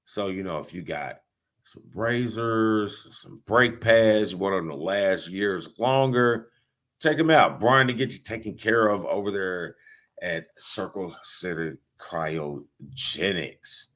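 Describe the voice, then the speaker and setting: Guy hosting a football podcast, kinda low voice, loose and jokey, talks trash. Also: slow, fairly bright tone. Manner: loose, joking, trash-talking. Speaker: sports podcast host. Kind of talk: casual sports talk with sponsor reads.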